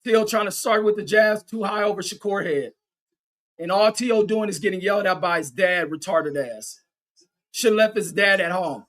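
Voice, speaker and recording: High-voiced man calling a fight excitedly. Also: moderate pace. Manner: excitable, profane, cheering on one fighter; reads viewer chat aloud. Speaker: livestream boxing commentator. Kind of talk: fan play-by-play commentary.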